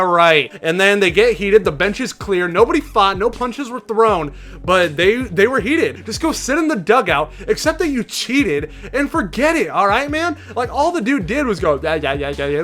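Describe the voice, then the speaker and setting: A young man casually reacting to sports moments in an animated, indignant way, acting out players' quotes. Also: sits high. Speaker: sports vlogger.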